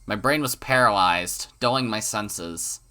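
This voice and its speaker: A man hosting a let's play, reading a visual novel's narration aloud with dramatic flair. His voice is bright and forward, and he breaks off now and then for crude asides and trips over the odd word. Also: fairly low pitch, a little slow.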